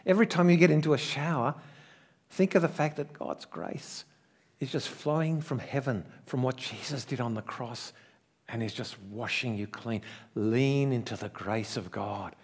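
A middle-aged pastor delivers a sermon in a voice of ordinary pitch for a man. He tells stories earnestly, building to emphatic peaks before easing into quiet, slowed lines. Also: slightly rough. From Australia. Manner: earnest storytelling with swelling emphasis and soft, slowed asides.

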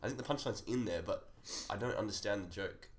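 A man's voice: lowish voice, fairly quick, a little hiss or hum. A man co-hosting a comedy podcast, rambling and laughing at himself. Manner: laughing, rambling, self-mocking. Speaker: co-host. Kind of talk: casual comedy podcast chat.

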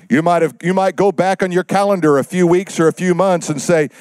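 A male pastor delivering a sermon, pausing for effect and dropping his voice low for God's words. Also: a little mellow, smooth, no echo. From United States.

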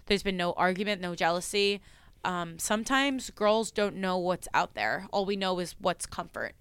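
A young woman talking casually as a podcast guest, earnest and animated, laughing often. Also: lowish voice, moderate pace, clear, resonant tone, no echo. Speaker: podcast guest, psychic medium. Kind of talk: casual chat.

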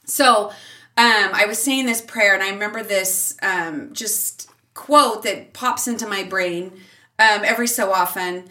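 A middle-aged woman, a mother and teacher, telling a family story as a podcast guest, animated and laughing often, with big leaps in pitch when she quotes herself. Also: measured pace, far from the mic. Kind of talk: casual storytelling in an interview.

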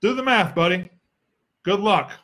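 Pitched high and slightly bright, a young man's voice moves at a somewhat slow pace. He has a Southern US accent and fields questions alone on a casual sports podcast, answering with bluntness, sarcasm, and swearing.

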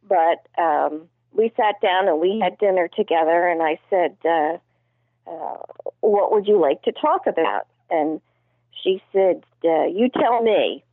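A woman in casual conversation, telling gentle anecdotes in a deadpan way. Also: lowish voice, unhurried, no echo. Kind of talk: casual chat. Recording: tinny phone line.

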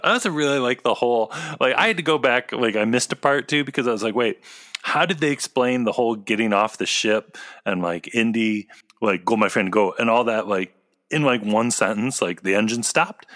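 A man's voice: medium pitch, brisk, a bit bright. A man co-hosting a podcast in casual, upbeat chat, joking and moving the listening along. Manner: upbeat, jokey, steers the listening. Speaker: podcast co-host.

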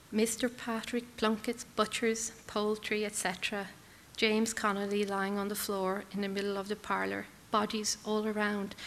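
Woman narrator, bright clear tone, dramatic literary reading in short clipped phrases. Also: mid-range voice, long reverb tail, slight background noise. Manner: measured, intense, clipped phrases. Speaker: reader.

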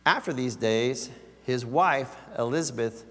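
A man's voice: on the high side, animated, unhurried, fairly bright tone, in a large hall. A man preaching a sermon as pastor, talking in a conversational way and putting scripture into everyday words.

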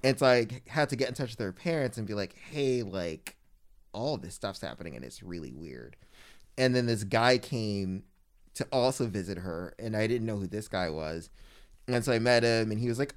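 A man's voice: on the low side, expressive, moderate pace. A man telling a long personal story in casual chat. He talks animatedly, fills it with "like", and mimics the people he quotes.

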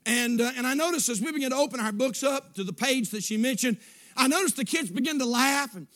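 High-voiced preacher in his fifties. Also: expressive, quick pace. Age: 50s. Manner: swings between shouted preaching and hushed storytelling. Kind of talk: sermon.

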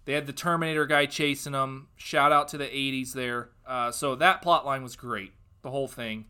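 A young man hosting a casual podcast, giving an opinionated TV review that turns into a loud, sarcastic rant. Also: medium pitch, steady tone, moderate pace, clean tone. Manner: ranting, sarcastic, gets loud and worked up. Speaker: podcast host.

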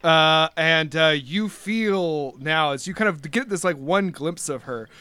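A man's voice: a little high, a little slow, sharp tone, clear, resonant tone, no room sound. A man narrating as game master in a tabletop role-playing game, rambling with lots of fillers. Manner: rambling, full of uh and like, breaks into laughter.

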